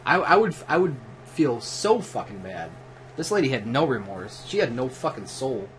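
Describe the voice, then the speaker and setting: A man's voice: medium pitch, very animated, normal speed, fairly bright tone, a little hiss or hum. A drunk man livestreaming at home, telling a profane, rambling story in a casual way, with many restarts. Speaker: livestream host. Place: at home while gaming.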